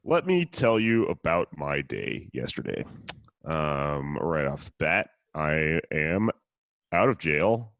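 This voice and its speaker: A man's voice: a bass voice, very animated, takes it slowly, fairly bright tone, dry recording. A man hosting a casual podcast, telling a story in a profane, sardonic way. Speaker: podcast host.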